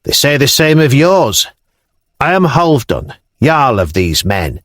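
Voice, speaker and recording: A man doing a confident young Norse jarl, frank and easygoing, in close to his own voice. His pitch moves lively across the lines in a dry, close storybook read. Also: slow, no room sound. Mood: frank, good-humoured.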